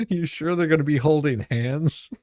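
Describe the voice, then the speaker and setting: A woman's voice: low-pitched, normal speed, warm tone, no room sound, clean studio sound. A woman reacting in a casual chat, laughing often and exclaiming.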